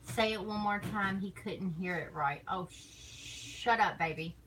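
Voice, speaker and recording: A woman's voice: mid-range voice, a little slow, background noise. A woman streamer chatting casually on stream, rambling and teasing, laughing often between thoughts. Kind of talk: casual chat.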